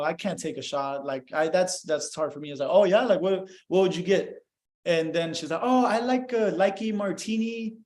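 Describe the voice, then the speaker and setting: A young man casually telling a story as a podcast guest, animated and profane, often acting out bits of dialogue. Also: fairly high pitch. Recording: echoey room.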